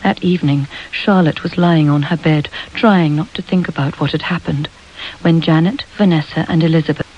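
A woman narrating a storybook in a measured, expressive way. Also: low-pitched, dull audio, a little hiss or hum. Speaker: audiobook narrator.

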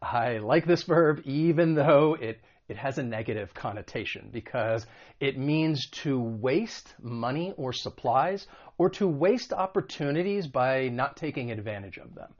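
A man teaching an English lesson, patiently explaining word meanings and modeling pronunciation slowly and clearly. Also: medium pitch, expressive. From United States. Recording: dull lo-fi recording.

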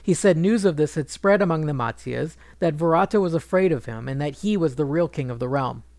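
A man narrating a retelling of an ancient epic in a measured, wry manner. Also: fairly high pitch, lively intonation, darkish tone, no room sound. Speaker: storyteller.

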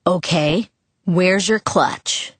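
A woman's voice: fairly low pitch, extremely slow, slightly rough, dry recording, heavily acted. Woman reading a teasing teenage boy. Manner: teasing, casual.

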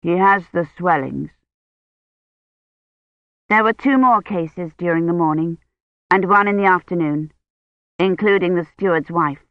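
A woman reading a novel aloud as narrator in a calm, measured way. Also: lowish voice, dry recording. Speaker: audiobook narrator. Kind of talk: scripted narration. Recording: tinny phone-like line.

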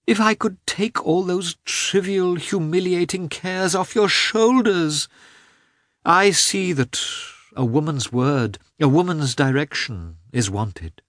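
A man voicing a devout, ecstatic countess who speaks softly and fervently. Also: high-pitched, animated, slow, no echo, studio quality, voice pushed up, full character voice. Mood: fervent consoling. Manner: soft, fervent, sighing. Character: pious ecstatic countess, middle-aged, consoling and devout. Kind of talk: audiobook character voice.

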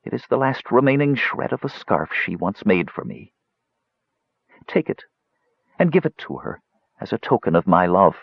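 An ancient wizard speaks slowly and gravely, full of sorrow, as a man reads him aloud. The voice is gravelly and husky and swings widely in pitch. The recording sounds dull and lo-fi. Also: big pitch swings, no room sound, heavily acted. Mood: sad. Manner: slow, grave and sad.

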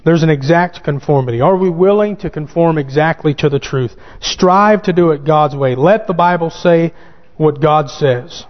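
Male pastor, fairly high-pitched, preaching with emphatic calls; muffled recording in a reverberant hall. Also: normal speed. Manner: reads scripture aloud in King James wording. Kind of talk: sermon. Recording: dull sound with long hall reverb.

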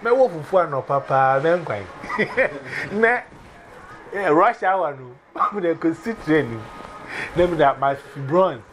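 Animated Ghanaian man telling stories. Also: a little high, a little slow, a little hiss or hum. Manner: animated, laughing, mixes Twi and pidgin. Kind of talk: casual chat.

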